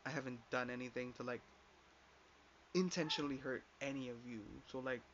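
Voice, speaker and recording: A young podcast host speaks at normal speed in a steady, mid-range voice that's fairly bright. He rambles through a personal story in a casual rant, heavy on filler and swearing when he quotes others. Faint background noise sits under the dull, lo-fi sound.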